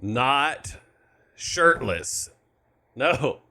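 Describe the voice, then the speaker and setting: A man's voice: medium pitch, very animated, measured pace, bright, forceful tone. A young man chatting casually on a live stream, joking, laughing and thanking viewers while setting up a flight.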